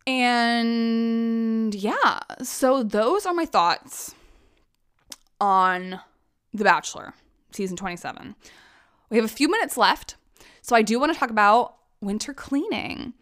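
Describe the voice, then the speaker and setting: A woman's voice: a little high, lively intonation, slow, pauses often, fairly bright tone, clean tone. A young woman hosting a casual solo podcast, talking in a chatty, sarcastic and profane way. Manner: chatty, profane, sarcastic, acts out quotes in mimicking voices. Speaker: podcast host.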